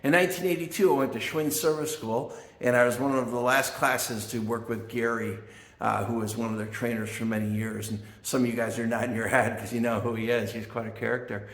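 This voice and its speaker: A man's voice: mid-range voice, fairly even intonation, brisk, a bit bright. An older man from the Chicago area hosting a casual vlog about his vintage bicycle collection, chatty and self-deprecating, with fillers and asides. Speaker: vintage bike collector and channel host. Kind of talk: casual show-and-tell vlog. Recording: echoey room with faint guitar music.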